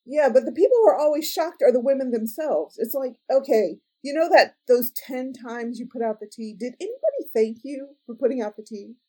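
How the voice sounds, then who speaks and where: A woman astrophysicist, a guest on a podcast interview, who talks in an animated, emphatic way and laughs often. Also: high-pitched, brisk, few pauses. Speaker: senior scientist.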